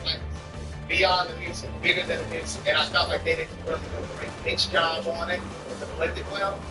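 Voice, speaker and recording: A co-host on a gaming stream, bantering casually in a sassy, blunt, animated way. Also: medium pitch, a little fast. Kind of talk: casual chat while gaming. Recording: roomy, distant mic, loud music behind.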